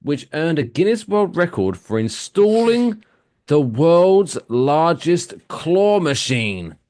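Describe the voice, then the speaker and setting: Man, podcast co-host, lively swooping delivery, crude jokey banter, dry close sound. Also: a little high, slow, no echo. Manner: crude, loud, swings into jokey impressions. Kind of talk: casual comedic podcast chat.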